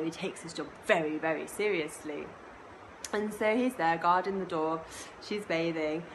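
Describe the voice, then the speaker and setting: A woman teaching kirtan and telling a myth in an unhurried, expressive way, with soft laughs and asides. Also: lowish voice, a little hiss or hum, rough recording. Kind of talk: storytelling a myth.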